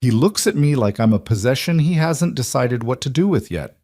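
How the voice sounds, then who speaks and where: A man's voice: medium pitch, expressive, normal speed, a little mellow, no echo, studio quality, pitched above the performer's own voice, natural voice. A man voicing a young bride, bitter and pleading, her voice rising as she confronts her mother. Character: young bride, raw, angry and trapped woman.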